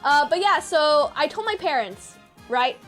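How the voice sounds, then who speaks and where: A woman's voice: high-pitched, animated, measured pace, a bit bright, faint music behind. A young woman in her twenties, a streamer, telling a story to her chat in a rambling way, often repeating herself.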